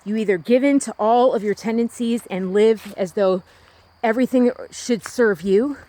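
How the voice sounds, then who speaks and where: A woman's voice: on the high side, moderate pace, dark tone. A woman vlogging outdoors on a walk, talking earnestly and rambling with many restarts. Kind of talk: candid personal monologue.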